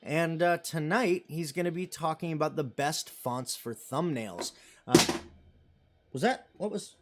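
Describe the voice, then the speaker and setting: A man's voice: on the high side, unhurried, slight background noise. A man in his thirties hosting a live stream, chatting casually and rambling as he reads viewer comments and jokes about himself. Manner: self-deprecating and joking.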